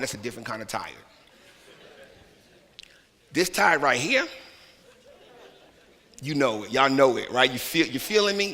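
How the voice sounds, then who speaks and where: Male minister, lively conversational sermon, crisp bright tone, long church reverb. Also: medium pitch. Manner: conversational, colloquial preaching with playful put-on voices. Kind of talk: lively sermon with acted asides. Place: church sanctuary.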